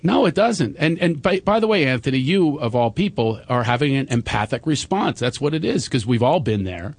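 A man hosting a call-in talk show, coaching a guest and often bursting into loud laughter. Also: medium pitch, very animated, fairly quick, dry recording. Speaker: host.

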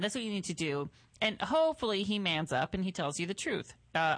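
A man co-hosting a podcast, giving casual relationship advice in an animated, playful way. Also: sits high, fairly quick, no room sound.

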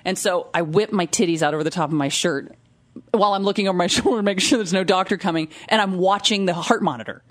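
A woman in casual chat, telling a story with lively acted-out quotes and frequent laughs. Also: fairly low pitch, fast talker. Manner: animated storyteller, acts out quotes, laughs often.

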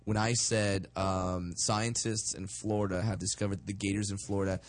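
A young man guesting on a casual talk show, joking and animated as he tells stories. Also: fairly low pitch, normal speed. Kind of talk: casual chat.

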